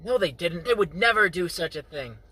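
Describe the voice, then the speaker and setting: A man voicing an indignant mother who loudly scolds a neighbor in a raised voice. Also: high voice, expressive, a little fast, husky, voice pushed up, full character voice, poor audio. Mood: defensive. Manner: loud, scolding, defensive.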